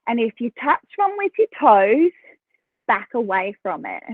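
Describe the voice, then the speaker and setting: A woman with an Australian accent, a podcast guest telling stories in a chatty, animated way and laughing between phrases. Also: on the high side, measured pace, no echo. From South Australia. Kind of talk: casual interview storytelling. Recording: tinny phone line, dry.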